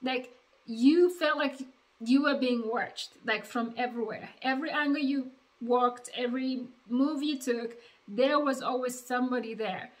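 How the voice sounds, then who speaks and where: A woman's voice: sits high, measured pace, rough recording. Chatty woman telling a parenting story. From Uganda. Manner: chatty, animated retelling with quoted dialogue. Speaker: vlogger, mother of two. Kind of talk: casual storytelling to camera.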